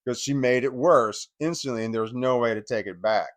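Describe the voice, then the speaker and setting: Man, mid-pitched voice, rambling emotional storytelling, lots of fillers and swearing, dry close sound. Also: fairly quick, no room sound. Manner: rambling, emotional, profane retelling with many fillers. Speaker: channel host sharing personal history. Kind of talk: personal storytelling.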